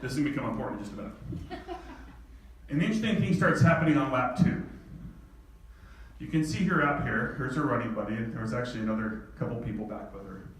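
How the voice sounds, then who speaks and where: A man's voice: mid-range voice, fast. Man telling a story from far off in an echoey hall. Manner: animated storytelling with laughter. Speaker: speaker. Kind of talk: personal story told to an audience.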